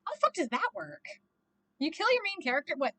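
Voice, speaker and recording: High, bright-voiced swearing woman. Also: a little fast, rough recording. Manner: animated, swears constantly, exclaims and laughs. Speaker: movie reaction vlogger. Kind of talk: casual reaction commentary.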